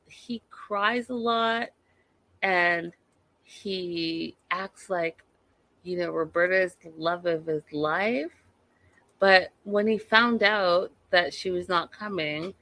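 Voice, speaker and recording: A woman recapping a reality show in an animated, gossipy way, talking straight to her viewers. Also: medium pitch, no room sound.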